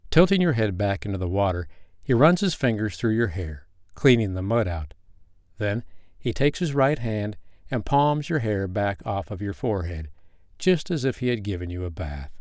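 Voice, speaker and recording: A man reads a second-person erotic story in a calm, even manner. His voice sits low. The recording is dry and close, with no room sound. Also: normal speed, no room sound. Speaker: narrator.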